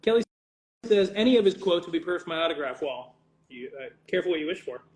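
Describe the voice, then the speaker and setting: A voice actor signs autographs for fans on a livestream, rambling, cutting himself off and swearing in jest. His voice is fairly high and darkish, fast and lively in intonation, and it echoes in a reverberant space.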